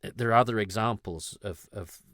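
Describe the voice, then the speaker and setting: A man's voice: on the low side, normal speed, a bit bright, no room sound, clean studio sound. A man hosting a podcast, talking in a rambling, self-interrupting, candid and reflective way. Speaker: podcast host. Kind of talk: casual conversational podcast discussion.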